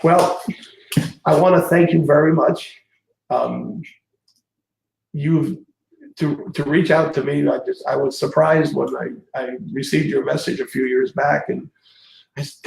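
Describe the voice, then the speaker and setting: Keep it friendly and gravelly, sir, a host swapping stories who laughs easily. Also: male voice, on the high side, a little slow. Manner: chatty, laughs often, animated storytelling. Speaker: interview host. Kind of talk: casual interview chat. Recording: echoey room.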